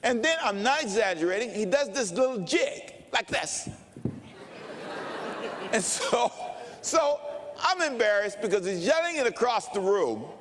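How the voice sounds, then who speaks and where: Slow, high-voiced older preacher. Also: male voice, very animated, fairly bright tone. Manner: slow, dramatic preaching with storytelling. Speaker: pastor. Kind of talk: sermon. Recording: long reverb of a large hall.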